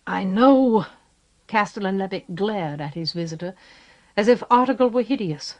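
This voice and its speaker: Brief: a woman with a measured, steady voice, narrating a fantasy audiobook. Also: mid-range voice, highs cut off. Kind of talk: scripted narration. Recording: 1980s cassette audiobook.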